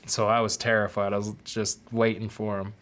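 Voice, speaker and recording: A young man hosting a podcast, telling a personal story candidly, with swearing and loud acted-out quotes. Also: fairly low pitch, level tone, normal speed. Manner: candid, profane, acts out quotes in raised voices. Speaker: podcast host.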